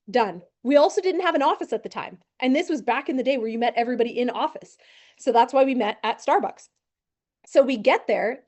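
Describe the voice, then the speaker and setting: A woman in her thirties who trains insurance agents, telling a lively story with acted-out quotes. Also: high voice. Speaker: insurance and financial advisor training new agents. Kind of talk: storytelling talk to a team.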